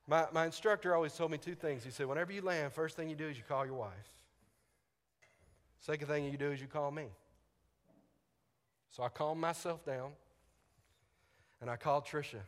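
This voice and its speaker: A man's voice: fairly high pitch, normal speed, pauses often. A man preaching a sermon, telling a personal story animatedly, acting out radio exchanges and laughing often. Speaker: pastor. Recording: long hall reverb.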